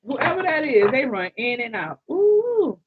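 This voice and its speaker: A woman giving a live tarot reading, animated, exclaiming and repeating phrases to her listeners. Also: a little high, moderate pace, heavy background noise. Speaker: tarot reader. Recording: dull lo-fi sound.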